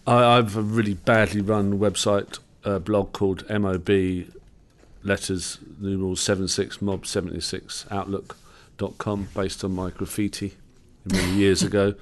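A man from London, a podcast guest telling anecdotes in an animated, irreverent way. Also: low-pitched. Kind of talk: casual anecdote.

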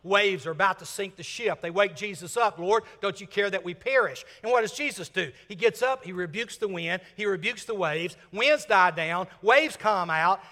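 Older preacher, high bright voice. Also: male voice, long reverb tail. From Mississippi. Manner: dramatic swings from loud emphasis to hushed whispers. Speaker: senior minister. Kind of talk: sermon.

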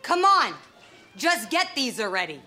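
A vacant, pushy young saleswoman from Long Island in a comedy TV commercial, her Long Island accent loud and clear. Her voice sits high and bright and swings widely in pitch. Faint music runs behind her. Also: very animated, measured pace, heavily acted. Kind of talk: sketch comedy ad.

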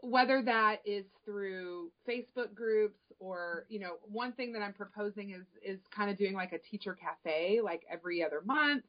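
A woman's voice: mid-range voice, normal speed, few pauses, lo-fi sound. Enthusiastic woman chatting on a podcast. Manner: enthusiastic, storytelling, many restarts. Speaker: president of a local early childhood chapter. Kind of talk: casual podcast chat.

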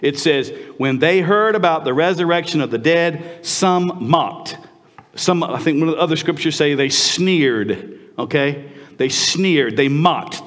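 A male pastor delivering a sermon with an animated, conversational delivery, dropping now and then into hushed, earnest tones. His mid-pitched voice rings out with a long hall reverb around it. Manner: animated, conversational preaching with sudden drops to quiet, intimate tones.

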